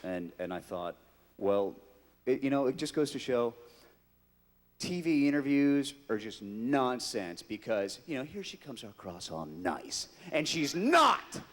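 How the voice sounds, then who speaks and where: A middle-aged man tells a story on stage at a fan convention, his voice lively and swooping up and down as he acts out the people in it. The sound carries a long reverb from the big hall. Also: medium pitch, measured pace. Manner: animated, mimics voices in his anecdote. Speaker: convention guest actor.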